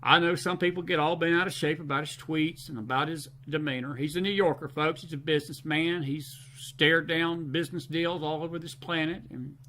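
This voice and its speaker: A Southern American man with a Southern accent hosts a late-night live stream, reading viewer comments and repeating phrases for emphasis. His fairly high, bright, forceful voice stays fairly even and moves fairly quickly with few pauses, over slight background noise.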